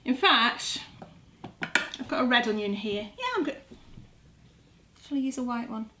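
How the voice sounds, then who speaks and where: Talking at a measured pace in a fairly high voice, a middle-aged woman who runs a gardening vlog cooks a recipe in her kitchen. She keeps up casual, self-mocking chatter as she works, over some background noise.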